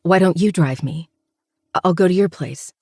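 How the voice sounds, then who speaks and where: A man's voice: high-pitched, normal speed, mellow, no echo, studio quality, voice pushed up. A man voicing a fierce, protective young woman. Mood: urgent.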